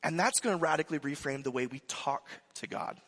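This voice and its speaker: A male pastor gives a chatty, animated sermon, often stumbling into restarts and side remarks. His voice sits a little high for a man and rings out with a long hall reverb, as if filling a big sanctuary. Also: a little fast. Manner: animated, frequent restarts and asides. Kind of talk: conversational sermon.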